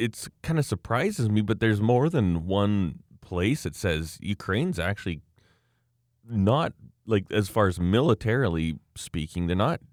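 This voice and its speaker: In casual chat, a man tells a worked-up, ranting anecdote, acting out the quoted lines and using plenty of fillers. His voice is lowish, and the studio-quality recording has no room sound.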